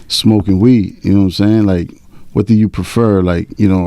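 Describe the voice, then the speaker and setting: A man's voice: low-pitched, steady tone, moderate pace, dark tone, no room sound. A man in his forties hosting a podcast, talking in a laid-back, rambling way and often checking in with his listeners. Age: 40s. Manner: laid-back, rambling, keeps saying "you know what I'm saying". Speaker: podcast host. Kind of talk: casual chat.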